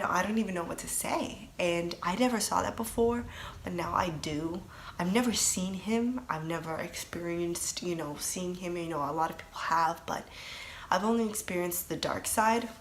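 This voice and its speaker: A woman's voice: on the low side, moderate pace, slight background noise. Earnest young woman, rambling testimony. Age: young adult. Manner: earnest, rambling with many fillers and restarts. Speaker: testimony speaker. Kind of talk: personal testimony.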